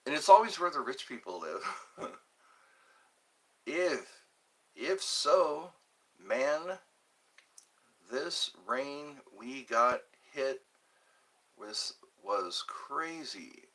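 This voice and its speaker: A man's voice: mid-range voice, animated, drawn-out words, pauses often, a bit bright. A man from the hosting a casual livestream, rambling and reading chat messages aloud. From Georgia, USA. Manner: rambling, reads chat aloud, chuckles to himself. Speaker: livestream host. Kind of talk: casual live-stream chat.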